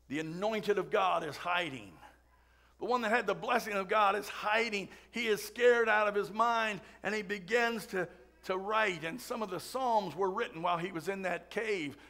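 A man's voice: high-pitched, bright, forceful tone. A man preaching a Sunday sermon in a church, chatty and full of asides and jokes. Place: church sanctuary.

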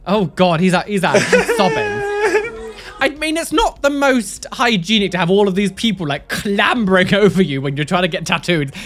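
Animated, sarcastic young woman. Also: mid-range voice, normal speed. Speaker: tattoo reaction video host. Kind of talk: casual reaction commentary.

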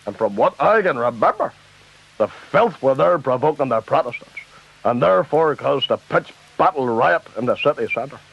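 A man's voice: mid-range voice, expressive, normal speed, vocal fry. A man with a Northern Irish accent doing a comic impression of a ranting, foul-mouthed loyalist preacher-politician. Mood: boastful. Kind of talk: comic radio sketch impression. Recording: dull lo-fi tape with faint hiss.

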